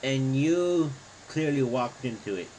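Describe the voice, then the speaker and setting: A man's voice: medium pitch, expressive, unhurried, darkish tone, a little hiss or hum, rough recording. A man speaking firmly and matter-of-factly on a live stream.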